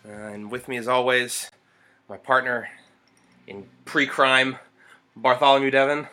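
A man's voice: medium pitch, steady tone, a little slow, sharp tone, soft background music. A man co-hosting a casual movie podcast, chatty and rambling, laughing often. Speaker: podcast co-host. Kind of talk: casual movie review chat.

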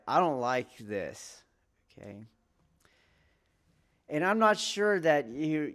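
Man teaching, keeps asking "do you see?". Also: mid-range voice. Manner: rhetorical, keeps checking in with "okay?" and "do you see?". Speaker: martial arts teacher. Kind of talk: teaching talk to students.

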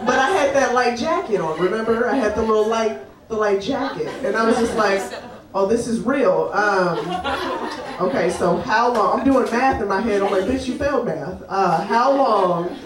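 A woman's voice: medium pitch, normal speed, far from the mic, crowd noise. Live storyteller, woman, brash and giggly, roomy venue, audience audible. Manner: animated, swearing, laughing often.

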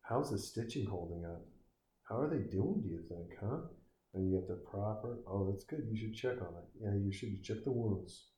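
His voice is on the low side and dark, moving at a normal speed. Swearing and sneering, he delivers comedic, crude remarks at a film he's watching, recorded in a room with echo.

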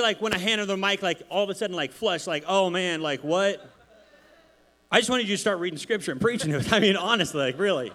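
A man, a pastor, giving a casual sermon in church, chatty and animated, telling stories with many asides. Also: sits high.

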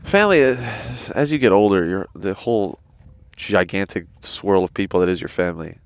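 Animated, cussing young man. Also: deep voice, a little fast, dry recording. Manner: animated storyteller, swearing, acts out quotes. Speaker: podcast co-host. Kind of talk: casual chat. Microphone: headset.

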